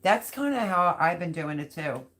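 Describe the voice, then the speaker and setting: A woman's voice: on the low side, expressive, normal speed, a bit bright. Chatty woman hosting a live stream. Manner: chatty, rambling, talks straight to viewers. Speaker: livestream host reading chat. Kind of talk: casual live-stream chat.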